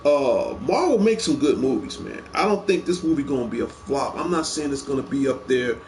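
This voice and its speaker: A man's voice: mid-range voice, expressive, brisk, a little mellow, slight background noise. A man hosting a casual show, chatting eagerly about movies and rambling with lots of repeated words. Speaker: show host. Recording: echoey room.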